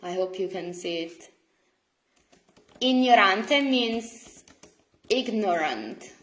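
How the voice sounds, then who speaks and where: A woman's voice: fairly high pitch, very animated, slow, pauses often, a bit bright, roomy sound, poor audio. A woman with an Italian accent teaching a beginner language lesson, patiently repeating words to drill pronunciation.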